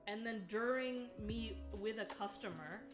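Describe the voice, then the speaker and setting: A woman with a fairly high voice, chatting casually on a stream. She retells things in an exasperated rush, peppered with "like". Music plays clearly in the background. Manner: exasperated, quick retelling with many "like"s. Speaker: co-host of a stream. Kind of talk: casual storytelling chat. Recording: music playing clearly behind.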